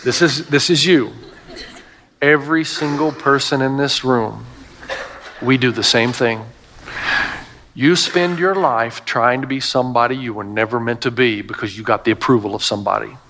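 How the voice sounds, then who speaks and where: A man's voice: mid-range voice, moderate pace, a bit bright, a little hiss or hum. A middle-aged male pastor preaching a sermon to a congregation, telling stories with emphatic asides.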